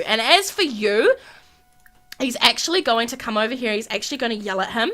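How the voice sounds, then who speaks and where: A woman's voice: a little high, lively intonation, a little fast, fairly bright tone. A young woman hosting a gaming video, narrating a life-sim game with dramatic gasps and a lot of repetition. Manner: dramatic, gasping, repeats herself, acts out characters' quarrels. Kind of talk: excited let's-play commentary.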